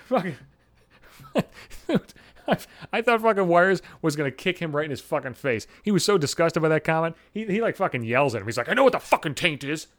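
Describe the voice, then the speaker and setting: A man rants through a comic story, swearing constantly, stumbling and repeating himself. His voice sits a bit high and swings up and down a lot. The recording is dry and close, with no room sound. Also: fairly quick, no echo. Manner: rambling, profane, animated. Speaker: vlogger. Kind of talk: profane comic rant.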